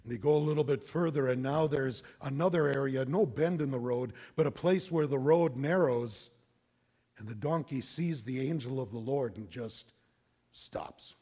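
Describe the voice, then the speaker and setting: A middle-aged man preaching a sermon, telling a story in an animated, conversational way. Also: medium pitch, normal speed, husky. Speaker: pastor.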